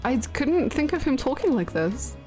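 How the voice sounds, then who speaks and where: A woman's voice: sits high, big pitch swings, moderate pace, dark tone, soft background music. A woman streaming a game playthrough, reacting with laughter and incredulous exclamations. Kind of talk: live game playthrough commentary.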